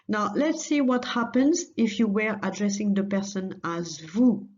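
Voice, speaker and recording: A woman's voice: medium pitch, measured pace, few pauses, darkish tone, highs cut off. A woman teaching a recorded language lesson, patiently repeating phrases for learners.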